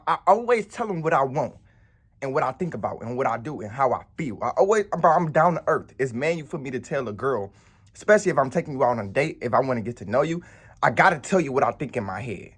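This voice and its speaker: Animated husky-voiced man ranting. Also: mid-range voice, quick pace. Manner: blunt, profane, rambling and animated. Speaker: vlogger. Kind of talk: casual storytelling.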